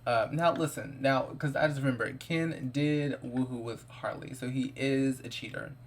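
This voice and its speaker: A man's voice: mid-range voice, normal speed. A man giving casual, playful let's-play commentary, gossiping about his characters and improvising their lines. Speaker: gameplay commentator.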